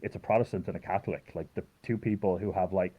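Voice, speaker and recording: Irish guy, lowish voice, rambling storyteller, dull lo-fi podcast sound. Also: fairly even intonation, quick pace. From Ireland. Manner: rambling, heavy use of "like". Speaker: podcast guest. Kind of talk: casual storytelling chat.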